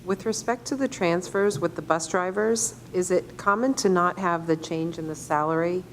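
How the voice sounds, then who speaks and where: Lower-voiced woman board member, polite and hesitant, faint hiss. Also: normal speed. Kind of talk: asking a question at a meeting. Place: school board meeting room.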